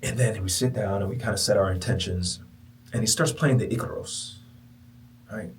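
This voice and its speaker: A man hosting a podcast who tells a personal story to his listeners. He swings from loud, emphatic bursts to near-whispers and repeats phrases for emphasis. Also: fairly low pitch, moderate pace, distant mic, a little hiss or hum. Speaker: podcast host.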